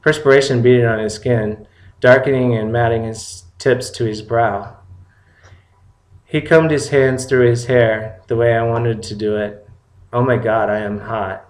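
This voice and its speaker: Man, story narration, medium pitch, plain and steady, echoey room. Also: measured pace. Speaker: story reader. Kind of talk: first-person story narration. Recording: roomy echo.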